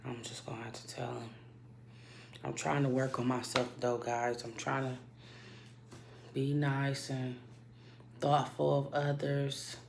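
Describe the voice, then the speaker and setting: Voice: mid-range voice, level tone, a little slow, creaky, pauses often, background noise. A kitchen worker hiding in a work bathroom, half-whispering a blunt, profane rant into a phone held close. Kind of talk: hushed vlog rant.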